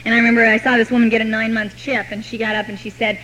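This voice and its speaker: Quick talking woman with a fairly high voice, dry wry humor, telling her recovery story. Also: a little hiss or hum, poor audio. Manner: wry, deadpan self-mocking humor. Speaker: recovery meeting speaker. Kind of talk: personal recovery story told to an audience.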